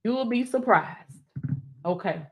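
A woman's voice: fairly high pitch, animated, unhurried. A woman preacher and coach preaching fervently on a live stream, repeating phrases and calling out to her viewers.

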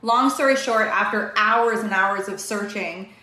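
A young woman from Canada, a guest telling a story in a casual, animated way, quick and full of "like" fillers. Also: mid-range voice. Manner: fast, animated, many "like" fillers. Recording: echoey room.

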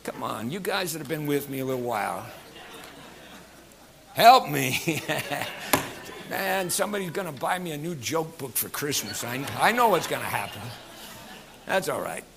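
A male pastor preaching a sermon to his congregation in a church, animated and folksy, with frequent fillers and jokes. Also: fairly high pitch, gravelly, slight background noise.

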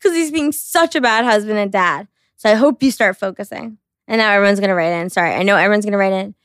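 A woman's voice: medium pitch, fast talker, no room sound, studio quality. A young adult woman co-hosting a casual chat podcast, mocking and profane, laughing often. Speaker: podcast co-host.

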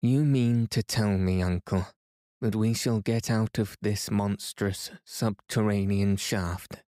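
A man's voice: on the low side, steady tone, takes it slowly, mellow, dry recording, clean studio sound. A man reading the lines of an anxious, despairing young nephew, pleading and exasperated.

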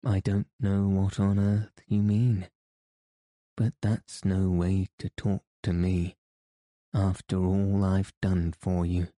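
A man's voice: low-pitched, warm tone, no echo. A man reading as a nagging woman housekeeper. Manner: nagging, blunt. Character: scolding, self-pitying woman housekeeper. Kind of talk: audiobook character reading.

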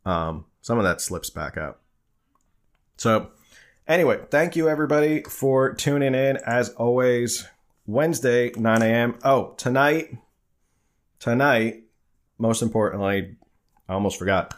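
A man's voice: mid-range voice, a little slow, pauses often. A man from New Jersey hosting a live stream, answering viewer questions in a loose, conversational way with frequent fillers and restarts. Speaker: livestream host.

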